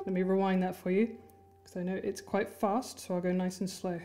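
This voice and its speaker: A woman's voice: mid-range voice, steady tone, moderate pace. A woman teaching an instrument lesson, friendly and encouraging, counting and chanting rhythm words as she plays. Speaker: music teacher. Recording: music playing under the voice.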